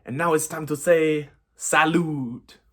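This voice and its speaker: A man's voice: a little high, slow, reverberant. A man hosting a children's cooking demonstration, talking playfully and tossing in mock-French exclamations. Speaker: children's show host.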